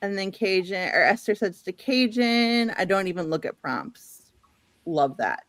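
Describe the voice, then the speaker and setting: A woman's voice: mid-range voice, sing-song, a little slow, dry recording. A woman from the Midwest hosting a casual book livestream, chatty and laughing often as she reads out viewer comments. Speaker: host.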